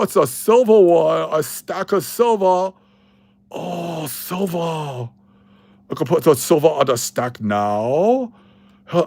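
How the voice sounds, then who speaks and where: Guy putting on a silly high sing-song voice, dopey silver stacker on a coin livestream, drawn out and goofy. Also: creaky, darkish tone, no room sound, full character voice.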